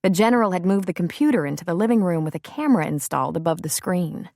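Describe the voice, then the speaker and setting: A woman narrating an audiobook in a measured, steady storytelling manner. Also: lowish voice, creaky, dry recording, clean studio sound. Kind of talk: scripted narration.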